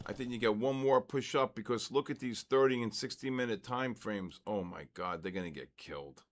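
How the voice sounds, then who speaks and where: An older man hosting a live trading stream, excitedly calling out price moves and giving quick trade advice. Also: medium pitch. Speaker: trading livestream host. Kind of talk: live market commentary.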